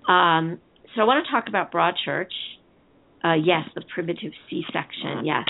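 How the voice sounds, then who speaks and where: Gravelly low-voiced woman on a phone line. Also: moderate pace. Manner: chatty, rambling, reads listener comments aloud. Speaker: co-host of a TV discussion show. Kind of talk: casual chat. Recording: tinny phone-line sound.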